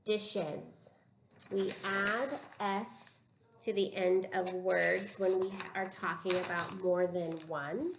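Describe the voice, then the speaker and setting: Slow, patient woman teaching phonics. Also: mid-range voice, vocal fry. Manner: slow, patient, drawn-out word modeling. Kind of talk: phonics lesson for young children. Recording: echoey room with faint room noise.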